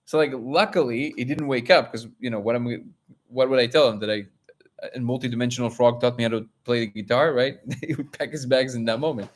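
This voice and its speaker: A man hosting a live discussion, telling a personal story in an animated way and acting out quotes. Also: medium pitch, fairly quick. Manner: animated, acts out quotes, many restarts. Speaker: host.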